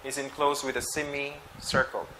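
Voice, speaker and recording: A man's voice: medium pitch, flat delivery, bright, forceful tone, a little hiss or hum, poor audio. A man teaching a grammar lesson, explaining patiently, often checking in with "okay?" and correcting himself mid-phrase. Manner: explains slowly, checks with frequent "okay?", restarts and self-corrects. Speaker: English teacher.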